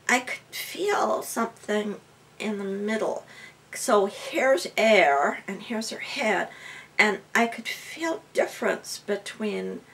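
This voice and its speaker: Woman interview guest, bright voice, lively storyteller. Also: mid-range voice, creaky. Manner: lively storyteller, laughing often. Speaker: guest, healer and medium.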